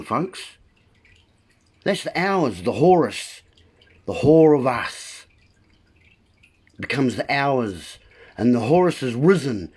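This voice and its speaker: On the high side with a darkish tone, a vlogger launches into a frustrated, impassioned rant for his viewers, leaning on emphatic wordplay.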